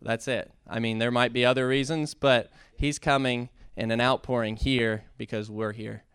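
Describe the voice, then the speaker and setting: Male speaker, earnest church testimony; smooth, resonant tone, halting delivery that rises into passionate preaching, dry recording. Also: medium pitch, steady tone, fairly bright tone, dry recording. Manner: earnest, halting, with many fillers and restarts; builds to impassioned preaching. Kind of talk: heartfelt testimony sermon.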